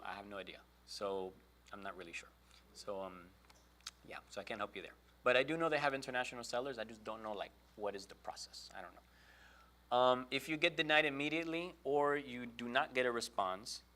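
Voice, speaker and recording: A man's voice: medium pitch, fairly bright tone. A man from Brooklyn giving a casual webinar talk on online selling, chatty and full of fillers, acting out quoted exchanges as he goes. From Brooklyn, New York.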